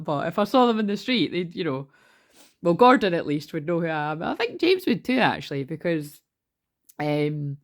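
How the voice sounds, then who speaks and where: A woman in her forties, rambling and swearing casually in a chatty spiritual talk from her bedroom. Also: on the low side. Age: 40s. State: tearful at moments. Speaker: tarot reader.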